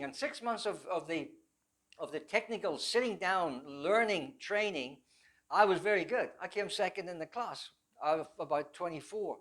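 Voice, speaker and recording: An older man telling his life testimony to a church audience, rambling and halting with many restarts, adding self-deprecating humor. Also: fairly high pitch, a bit bright. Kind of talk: personal testimony storytelling.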